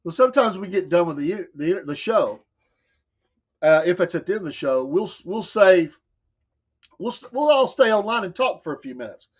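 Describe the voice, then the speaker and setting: A man's voice: high voice, lively intonation, moderate pace, husky. A man with a Southern US accent, co-hosting a talk show and telling stories in a casual chat, laughing often and quoting people in voices. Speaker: show co-host. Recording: dull lo-fi sound.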